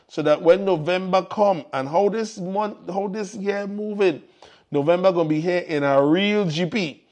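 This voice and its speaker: A man with a lilt hosts a live community show in easy, casual chat. His voice sits a little high, and he keeps repeating his encouragements to the listeners in an upbeat way. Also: a little mellow. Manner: upbeat, repetitive exhortations to the audience. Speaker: morning show host.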